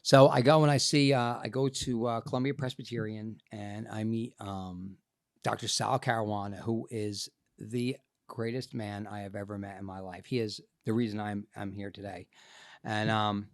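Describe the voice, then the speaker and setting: A middle-aged man, a podcast guest telling his story in an animated way and acting out what people said. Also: lowish voice, normal speed, no room sound, studio quality. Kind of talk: storytelling interview.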